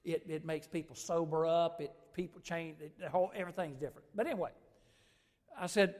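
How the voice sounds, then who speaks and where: A male preacher telling a story and praying in a sermon, a lively storyteller who swings from loud to soft. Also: fairly high pitch, brisk. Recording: long church-hall reverb.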